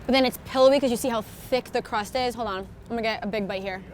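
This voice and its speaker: Female co-host, slightly high voice, chatty and gushing with a self-mocking edge, street recording with faint background noise. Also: quick pace. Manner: chatty, enthusiastic, self-deprecating. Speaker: co-host and food taster. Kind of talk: casual food-tasting chat. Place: outdoors on city streets.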